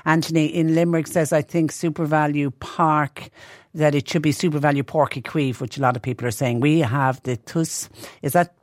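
A woman's voice: deep voice, steady tone, normal speed, darkish tone, no echo, studio quality. A middle-aged woman hosting a local radio phone-in and chatting through listener messages. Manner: chatty, reads listener texts aloud. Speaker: radio presenter. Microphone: studio microphone.

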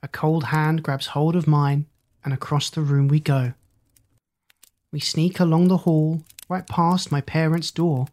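A storyteller reading rhyming children's stories in a measured, sing-song way. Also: medium pitch, fairly even intonation, darkish tone.

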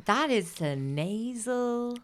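A woman with a deep voice co-hosting a casual podcast chat, teasing and laughing along. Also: expressive, slow. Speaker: podcast co-host.

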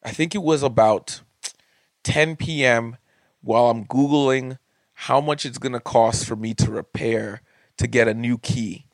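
A man's voice: medium pitch, steady tone, unhurried, dry recording. Dry, heated man ranting profanely. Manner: heated, profane storytelling with rising outbursts. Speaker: comedian podcast host.

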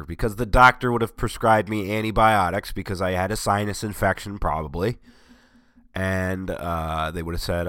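A man with a very low voice, worn and strained from a cold, chats casually into his desk mic. He rambles and jokes at his own expense with dry sarcasm. The sound is close and dead, with no room echo. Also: steady tone, normal speed, sharp tone. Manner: sarcastic, rambling, self-mocking. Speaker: vlogger. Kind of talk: casual chat.

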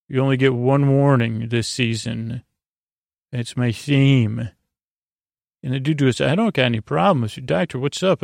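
A man drowsily retells a story, halting and restarting often and voicing every character in his own plain delivery. His voice has a gravelly fry and stays flat in pitch. The sound is close and dry, with no room around it. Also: no echo. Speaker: podcast host retelling an episode. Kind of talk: sleepy rambling plot recap.

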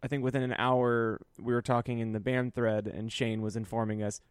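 A man's voice: mid-range voice, flat delivery, brisk, smooth, dry recording, studio quality. A man co-hosting a casual podcast, swearing freely, joking around, and sometimes turning earnest. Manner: profane, joking, earnest apologies. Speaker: podcast co-host. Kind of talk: casual chat.

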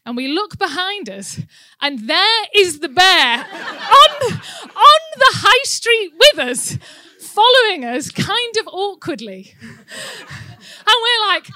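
A woman giving a church talk, telling a personal story in an animated way and laughing often. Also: very high-pitched, takes it slowly. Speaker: church speaker. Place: indoor room with an audience.

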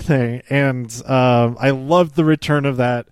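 A man's voice: medium pitch, unhurried, no echo. Chatty man with a dry, close sound. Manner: rambling, with frequent fillers and laughs. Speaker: wrestling show recapper. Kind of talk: casual recap podcast.

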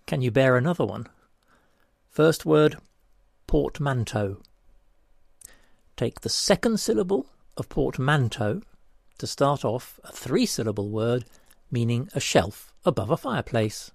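A man presenting a scripted word puzzle, deliberately spelling out each step. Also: medium pitch, big pitch swings, creaky, dry recording, studio quality.

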